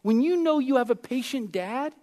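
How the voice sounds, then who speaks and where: A man preaching a sermon as pastor, telling stories with lively swings between loud and soft. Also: very high-pitched, moderate pace.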